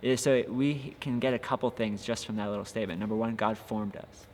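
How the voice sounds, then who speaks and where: A man's voice: fairly low pitch, steady tone, a little fast. A young man, a youth pastor, giving an earnest, encouraging devotional talk with frequent filler sounds. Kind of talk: casual devotional podcast talk. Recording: long reverb with faint ambient noise.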